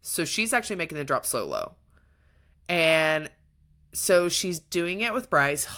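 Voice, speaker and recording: A woman's voice: low-pitched, a little slow. A woman co-hosting a book podcast, retelling a plot in casual chat with lots of feeling. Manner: animated, retelling plot with emotion. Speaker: podcast co-host.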